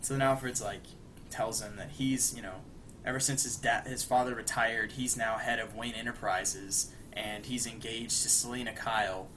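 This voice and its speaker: A young podcast co-host chats loosely, recapping a cartoon episode's plot with lots of fillers in a lowish voice at normal speed. He bursts into brief, animated quoted lines for the characters. A faint hiss of noise sits behind him.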